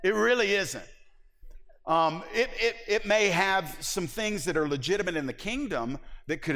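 A male pastor preaching a sermon in an animated, conversational way, acting out little asides. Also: mid-range voice, long reverb tail.

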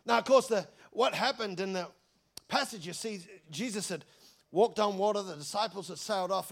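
A male pastor, preaching a sermon in an energetic, chatty, jokey storytelling way. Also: sits high, vocal fry.

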